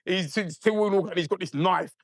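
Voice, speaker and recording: A man's voice: high-pitched, moderate pace, vocal fry, no room sound, studio quality. A man telling a long story as a podcast guest, swearing freely and checking in with his listener. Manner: animated, profane, keeps asking "right?". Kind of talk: casual storytelling.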